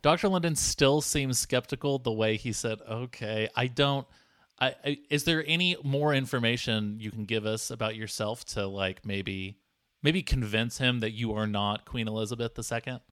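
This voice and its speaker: A man's voice: medium pitch, normal speed, fairly bright tone, smooth, dry recording, clean studio sound. A man co-hosting an improvised comedy podcast, teasing his partner in a mock-exasperated way, with plenty of fillers. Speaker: podcast co-host.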